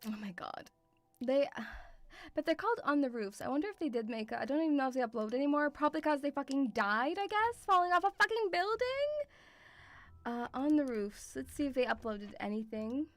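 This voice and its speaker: High-voiced woman streamer, swearing. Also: sing-song, fairly quick, fairly bright tone, no echo. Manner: swears a lot, shrieks and laughs in fright; calls viewers sweetie. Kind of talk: casual reaction commentary.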